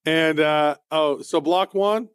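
A man's voice: a little high, slow, clean tone, no echo, clean studio sound. A man hosting a podcast, chatting loosely through a news rundown with plenty of fillers. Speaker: podcast host.

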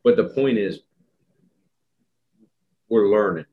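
Deep-voiced chatty man hosting a podcast. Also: lively intonation, slow, narrow, tinny audio. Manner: chatty, rambling, self-deprecating joker. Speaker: podcast host and dog trainer. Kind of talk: casual podcast chat.

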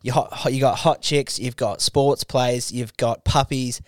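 Young Aussie male co-host, animated crude storyteller, clean dry close-mic tone. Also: medium pitch, measured pace, no room sound. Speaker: podcast co-host. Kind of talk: crude casual chat.

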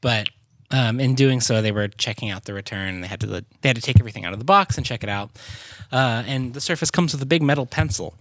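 Young man, casual storytelling, amused, deadpan, middle pitch, dry close sound. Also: quick pace, no room sound.

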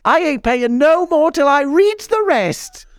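A man's voice: expressive, a little slow, no echo, studio quality. A man voicing a drunken, furious older woman with a Cotswolds accent, screeching her lines in an improvised comedy story. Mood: screaming. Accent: Cotswolds English. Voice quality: shrill, screeching shout.

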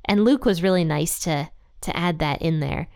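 Chatty woman teaching the Bible, smooth dry voice. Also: on the low side, moderate pace, darkish tone, no echo. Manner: chatty, thinks aloud with fillers and speculation. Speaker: podcast host teaching the Bible. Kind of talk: casual Bible teaching podcast.

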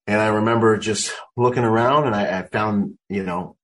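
A man's voice: on the low side, steady tone, normal speed, fairly bright tone, poor audio. A military veteran, a man, recounting his experiences in loose, casual storytelling full of "like.".

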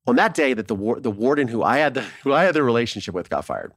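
A man from Ohio, a documentary filmmaker, telling his story in a casual interview in an animated way, swearing freely and acting out what others said. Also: mid-range voice, fast talker, a little hiss or hum.

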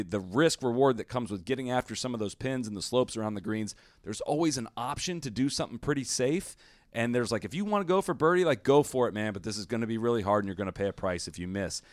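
A man's voice: lowish voice, no room sound, studio quality. A man co-hosting a golf podcast, giving strong opinions in casual chat with lots of fillers. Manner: opinionated, talks in quick bursts with many fillers. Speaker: podcast co-host.

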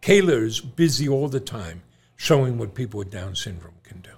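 A middle-aged man with a gravelly, husky voice co-hosts a casual chat show with his son. He tells jokes in a playful, chuckling way, and his voice rises and falls in a lively way as he sets up punchlines. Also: medium pitch, normal speed. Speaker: co-host, father. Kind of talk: casual chat, joke telling.

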